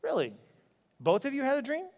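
A man's voice: extremely high pitch, huge pitch swings, fairly quick, creaky, darkish tone, voice pushed up, full character voice. A man voicing a friendly, easygoing male prisoner who runs things, in a casual, welcoming way during a sermon. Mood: curious, easygoing. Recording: long reverb of a large hall.

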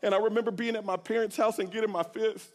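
Passionate high-voiced man in a reverberant hall. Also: fairly even intonation, fast talker. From Corpus Christi, Texas. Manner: passionate, swings from hushed to shouting. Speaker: church speaker giving testimony. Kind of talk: sermon testimony.

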